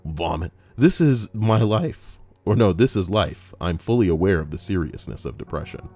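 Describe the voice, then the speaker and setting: A man's voice: sits low, lively intonation, normal speed, a little mellow, no room sound. A young man hosting a comedic commentary, reading online stories aloud, swearing, joking and switching into mock voices.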